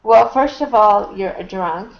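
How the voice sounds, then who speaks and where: A woman's voice: medium pitch, a little slow, creaky. A woman hosting a casual voice chat, blunt and teasing with the others. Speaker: host. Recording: dull lo-fi online voice chat.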